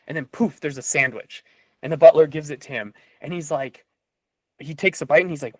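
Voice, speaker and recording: An animated man talking on a podcast, his voice sitting somewhat high for a man. He retells a story with frequent fillers and restarts. The sound is close and dry, with no room around it. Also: quick pace, no room sound, rough recording. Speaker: podcast guest or host. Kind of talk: casual podcast conversation with storytelling.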